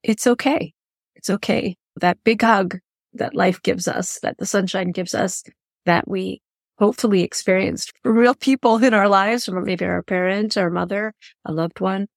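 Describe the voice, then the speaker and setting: A woman's voice: medium pitch, normal speed, creaky, no room sound, clean studio sound. A woman hosting an interview podcast, chatting in an earnest, effusive way and thinking aloud as she goes. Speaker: podcast host. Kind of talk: reflective interview chat.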